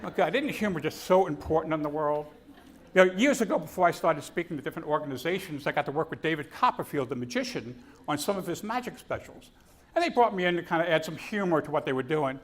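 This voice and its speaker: A man delivers a humorous keynote at a conference, his voice sitting a little on the high side. He tells stories with energy and slips into the voices of the people he quotes. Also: fast talker. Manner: storytelling, animated, acts out quotes. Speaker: keynote speaker. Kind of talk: comedic keynote speech. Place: conference stage.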